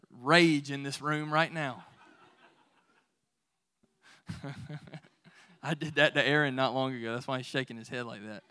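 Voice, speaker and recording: A man's voice: mid-range voice, pushed and bright, clean tone. A man preaching a sermon as pastor, talking conversationally and building to emphatic declarations.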